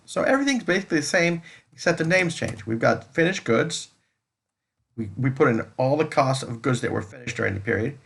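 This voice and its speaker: This accounting lecturer's mid-range voice is gravelly yet fairly bright. He walks through a spreadsheet on a recorded screen capture, explaining each step and then going over it again.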